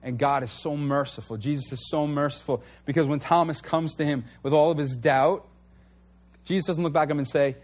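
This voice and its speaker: A man's voice: on the high side, a little fast, darkish tone. A man preaching a conversational sermon to a church congregation, earnest and candid. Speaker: pastor.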